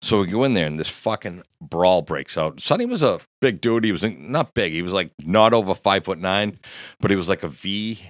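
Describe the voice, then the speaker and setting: Deep-voiced man telling a profane story. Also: lively intonation, normal speed, no echo, studio quality. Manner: profane, rambling anecdote teller. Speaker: podcast co-host. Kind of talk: casual storytelling.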